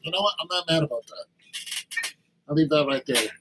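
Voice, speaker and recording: Casual male music producer, talks himself through each choice, music loud underneath. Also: on the high side, lively intonation, fairly quick, rough recording. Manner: thinking aloud, self-critical, casual slang. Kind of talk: casual tutorial commentary. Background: music playing.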